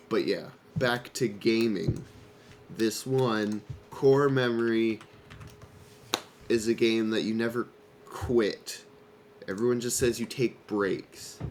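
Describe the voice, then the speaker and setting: A man's voice: lowish voice, steady tone, slow pace, darkish tone, slight background noise. A man in his twenties co-hosting a casual podcast chat with friends, opinionated and playful in short clipped remarks. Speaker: podcast co-host.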